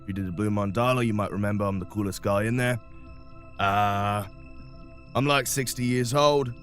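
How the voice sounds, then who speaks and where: A man's voice: on the low side, normal speed, fairly bright tone, faint music behind, natural voice. A man voicing a blunt, self-assured male crewman who acts like the coolest guy around, in a tabletop game. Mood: cocky. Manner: blunt, dismissive, a bit showy. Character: aloof cool-guy male crewman, sixty but youthful.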